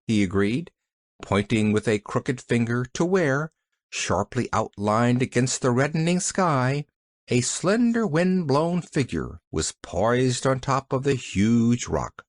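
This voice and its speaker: Lively-voiced storybook narrator, mid pitch, dry close mic. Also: unhurried, no echo. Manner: expressive storytelling. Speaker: audiobook narrator. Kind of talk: scripted narration.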